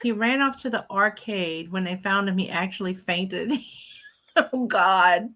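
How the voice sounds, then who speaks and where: Bright-voiced animated woman. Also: medium pitch, measured pace. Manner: animated storyteller, acts out quoted voices. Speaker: co-host. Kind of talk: casual chat.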